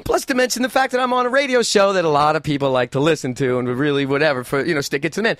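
Fast-talking profane man storyteller. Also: fairly high pitch, dry recording. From New York City. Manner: profane, animated, acts out quotes. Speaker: podcast co-host. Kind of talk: casual chat, storytelling.

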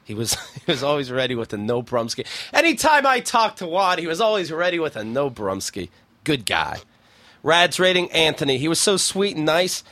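A man's voice: fairly high pitch, sing-song, moderate pace, sharp tone, no room sound. A man hosting a podcast, chatting casually and reading forum posts aloud in a wry, blunt way, swearing freely. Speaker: podcast host.

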